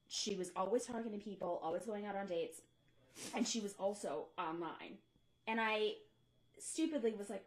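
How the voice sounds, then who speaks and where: A young woman co-hosting a casual podcast, chatting freely and laughing often. Her voice sits at an ordinary middle pitch. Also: rough recording. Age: young adult. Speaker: podcast co-host. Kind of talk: casual chat.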